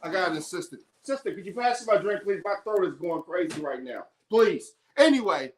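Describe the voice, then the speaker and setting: A woman's voice: lowish voice, lively intonation, fairly quick, slight background noise. A woman hosting an independent sports show, delivering a heated, emphatic opinion monologue.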